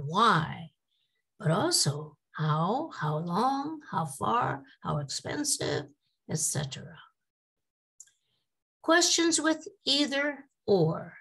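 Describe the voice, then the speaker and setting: A woman giving a teaching lecture to English teachers, speaking deliberately and reading example questions aloud to show how they sound. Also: lowish voice, creaky, breathy edge. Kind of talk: slide-based teaching lecture.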